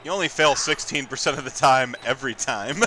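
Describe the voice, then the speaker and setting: A man's voice: medium pitch, bright, forceful tone. A man co-commentating a tabletop game stream casually, teasing and always urging bold, aggressive plays. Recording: noisy background.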